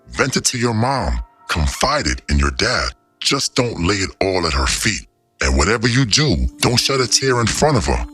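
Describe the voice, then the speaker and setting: A man's voice: low-pitched, pushed and bright, husky. A man narrating commentary in a dramatic, mocking tone with old-fashioned phrasing. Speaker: commentary host.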